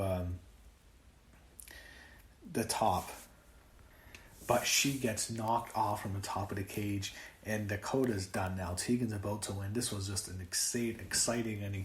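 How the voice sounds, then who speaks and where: A man's voice: lowish voice, steady tone, a little slow, reverberant, a little hiss or hum. A man giving a casual, rambling solo review of a wrestling show, with lots of fillers and swearing when he gets worked up.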